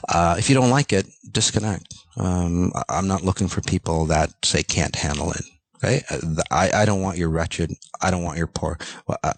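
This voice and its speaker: Deep-voiced man ranting intensely. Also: breathy edge, no echo. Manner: intense, ranting, speaks directly to listeners; frequent fillers and tag questions. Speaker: podcast host. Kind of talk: motivational monologue.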